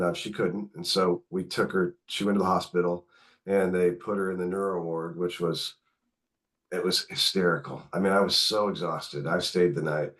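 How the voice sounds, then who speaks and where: A middle-aged man, a podcast guest, candidly recounting caring for his mother, acting out the dialogue as he goes. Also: deep voice. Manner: candid, animated retelling with quoted dialogue. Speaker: podcast guest, author and caregiver. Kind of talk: conversational storytelling.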